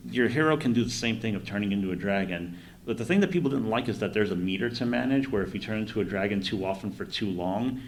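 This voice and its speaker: Low-voiced man rambling on a podcast. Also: slight background noise. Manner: rambling, quick restarts, animated retelling. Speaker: podcast co-host. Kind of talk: casual chat. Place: live event.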